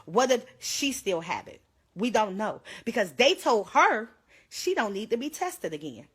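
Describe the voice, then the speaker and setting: A woman's voice: mid-range voice, sing-song, a little slow, husky. A young woman pleading urgently into her phone on a livestream, holding back tears. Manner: urgent, pleading, tearful at times. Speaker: livestreamer sharing her own illness.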